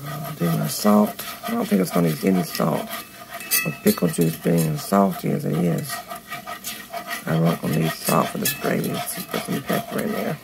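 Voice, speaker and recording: Woman, home cook host, very gravelly, hoarse, on a noisy handheld phone recording in the kitchen. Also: sits low, very animated, normal speed. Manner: chatty, talks straight to viewers. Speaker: home cooking channel host. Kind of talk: casual cooking demonstration. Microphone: phone held in one hand.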